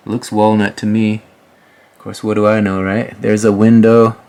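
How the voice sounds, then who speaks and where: Guy with a low voice, flat and easygoing, chatting his way through a house tour. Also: normal speed, clear, resonant tone. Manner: chatty, folksy, with asides to viewers. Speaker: host. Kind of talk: casual voice-over of a house tour.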